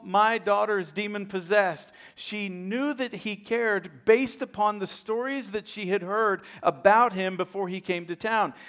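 High-voiced animated male pastor preaching. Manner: animated storytelling, acts out voices, repeats words when excited. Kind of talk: sermon.

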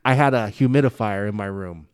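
A man in casual chat who swears constantly and tells animated stories about being a father, often stammering and restarting. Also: lowish voice, a little fast, no room sound, studio quality. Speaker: guest telling personal stories; father of a young daughter.

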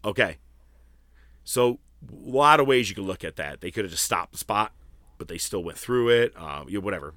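A man hosting a casual wrestling podcast, telling stories in a profane, animated way. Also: lowish voice, fairly quick, no room sound, clean studio sound. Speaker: podcast host.

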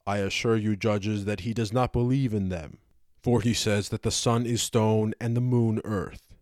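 A man's voice: lowish voice, fairly even intonation, normal speed, a little mellow, no echo, clean studio sound, close to an everyday voice. A man doing a curt stubborn young accuser. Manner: curt, clipped answers. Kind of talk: dramatized audiobook reading.

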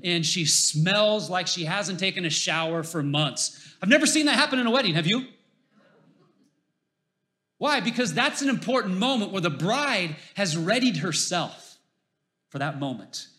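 A man with a bright, forceful voice pitched a little high preaches a sermon. He is animated, rising to loud emphasis and dropping to hushed lines, and tells stories with a jokey touch. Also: normal speed. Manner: jokey storyteller. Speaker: pastor.

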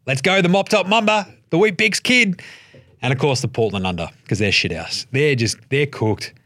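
An Australian man hosting a solo sports podcast, swearing freely and joking, acting out other people's lines in quick put-on voices. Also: mid-range voice, lively intonation, sharp tone, dry recording. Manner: profane, jokey, acts out quoted voices. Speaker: podcast host.

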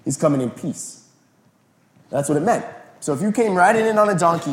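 A man preaching a sermon as a pastor, telling the story in a relaxed, conversational way and acting out the quotes. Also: a little high, moderate pace, slight background noise. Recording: echoey room.

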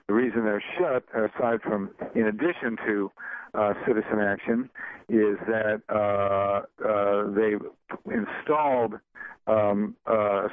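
A man's voice: lowish voice, no room sound. Casting: male talk-radio host, hesitant and folksy, stop-start delivery, lo-fi phone-band audio. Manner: halting, many ums and uhs, folksy. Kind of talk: casual radio interview. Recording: dry, tinny phone-like broadcast audio.

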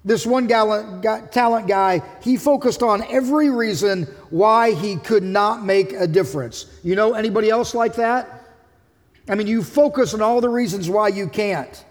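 A man's voice: sits high, normal speed, big-room sound. A man preaching a sermon as pastor, emphatic, voicing the figures of the passage he reads.

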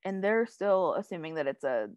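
Brief: young woman co-host, rambly recap voice, lower pitch, dry close sound. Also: animated, moderate pace, darkish tone, no room sound. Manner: rambling, heavy use of "like" and "um", laughs often. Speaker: podcast co-host recapping a TV episode. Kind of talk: casual chat.

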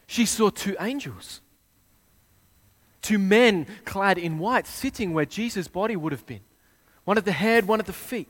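Retelling a scene in his sermon, a preacher swings dramatically between hushed and loud delivery. His voice sits high and he is animated, yet he never hurries.

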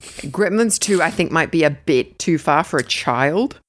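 An Australian woman co-hosts a podcast in casual chat, quick to tease and laugh. Her voice sits on the low side but swings widely in pitch, sounding animated and expressive. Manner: lively, teasing, laughs often. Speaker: podcast co-host.

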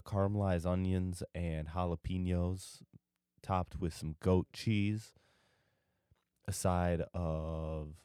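A man's voice: deep voice, mellow, clear, resonant tone, no echo, clean studio sound. A tired young man rambling loosely through a solo podcast, drifting off topic and losing his train of thought. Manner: drowsy, meandering, loses his train of thought. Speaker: podcast host.

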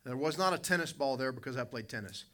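A man's voice: mid-range voice, expressive, fast, pushed and bright, slight background noise. A man, preaching a sermon and telling a folksy personal story, calling out to people in the congregation. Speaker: pastor.

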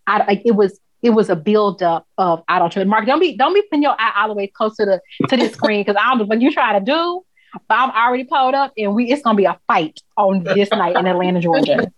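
A woman co-hosting a casual TV recap chat, talking in an animated, emphatic way and laughing often. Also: medium pitch, brisk, no room sound. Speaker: podcast co-host. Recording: dull, dry recording.

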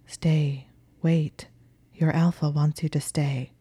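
A woman voicing a possessive, domineering young male wizard who speaks in a low, commanding growl. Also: fairly even intonation, slow pace, mellow, breathy edge, dry recording, full character voice.

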